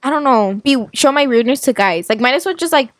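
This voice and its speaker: A young woman co-hosting a casual podcast, playful and quick with teasing one-liners. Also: high voice, expressive, no echo, clean studio sound. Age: young adult. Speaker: podcast co-host and daughter.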